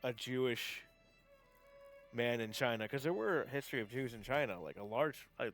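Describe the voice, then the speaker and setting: A man talks loosely while he plays, piling up fillers and false starts and breaking into laughter. His voice sits at an ordinary pitch, and faint game music hums underneath. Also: moderate pace. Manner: rambling, many fillers and restarts, laughs often, excitable. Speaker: streamer. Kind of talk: casual live-stream chat while gaming. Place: home setup, gaming stream.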